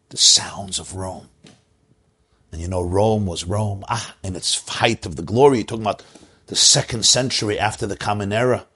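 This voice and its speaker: A husky-voiced man teaches a Torah class, his pitch swinging widely from low tones while telling stories to high ones when stressing a point.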